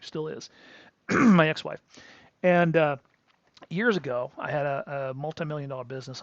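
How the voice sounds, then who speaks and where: A man's voice: on the high side, no echo. A middle-aged man hosting a crypto livestream, ranting emphatically and rambling, with frequent restarts and asides. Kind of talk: live-streamed rant. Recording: dull lo-fi stream audio.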